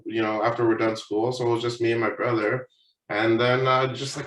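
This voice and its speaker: A man's voice: mid-range voice, flat delivery, fairly quick, a bit bright. A young man co-hosting a podcast, telling a story in casual chat, swearing often and mimicking his parents. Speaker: podcast co-host. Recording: echoey room, picked up from a distance.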